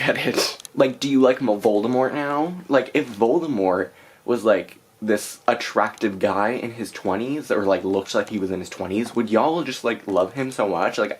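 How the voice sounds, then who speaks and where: A woman's voice: a bass voice, a little hiss or hum. A young woman chatting casually in a reading vlog, exasperated and full of fillers, recorded on a camera mic. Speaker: book vlogger.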